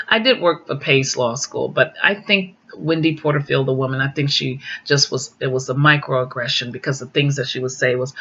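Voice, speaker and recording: A middle-aged woman telling personal stories casually, acting out quoted dialogue with big jumps in pitch. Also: normal speed, sharp tone. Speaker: guest sharing personal stories. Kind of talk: casual storytelling. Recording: dull lo-fi recording.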